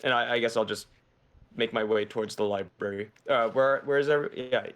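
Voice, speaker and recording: A man's voice: mid-range voice, fairly quick, a bit bright. A man playing a tabletop game casually, describing what his character does. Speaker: player. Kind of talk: casual tabletop role-play.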